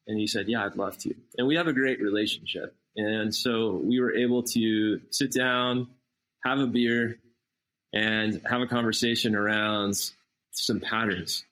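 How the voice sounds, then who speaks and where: A man, a missionary guest on a podcast, telling a personal story in a casual, animated way and acting out the dialogue. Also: fairly low pitch, moderate pace, low-quality recording. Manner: animated, acts out quoted dialogue.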